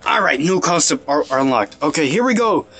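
A man's voice: on the high side, a little fast. Young guy yelping through a game, voice jumps all over, faint game music behind. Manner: excitable, yelps and exclaims at the game, talks to viewers. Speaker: let's play host. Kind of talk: casual gameplay commentary. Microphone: phone.

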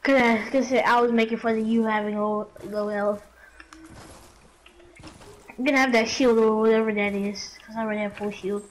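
A woman's voice: a little high, steady tone, normal speed, pauses often, slight background noise, rough recording. A woman gaming with a friend, boastful and goofy in casual chat. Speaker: gamer.

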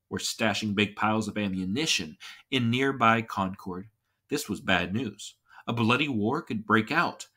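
Bright-voiced man reading a history lesson aloud. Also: medium pitch. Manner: expressive storybook reading, acts out quoted shouts.

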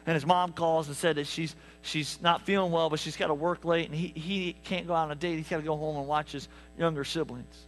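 Guy preaching in church, high voice, tells stories w lots of asides, bit of hum. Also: brisk, few pauses. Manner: animated storytelling with asides to the congregation. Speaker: pastor. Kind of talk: sermon. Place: church sanctuary.

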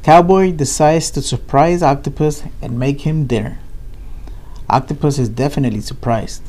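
A man reading a children's picture book aloud with steady, unhurried storytelling. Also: medium pitch. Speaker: reader.

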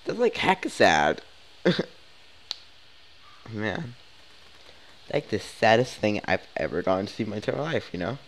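A man's voice: lowish voice, big pitch swings, measured pace, pauses often. A young man giving casual, emotional commentary over a video game, rambling and exclaiming often. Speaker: let's play gamer.

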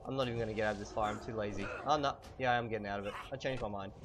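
A young man giving a casual language lesson while playing a video game, relaxed and chatty, slowly stressing words so they can be heard. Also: lowish voice, noisy background. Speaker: language teacher.

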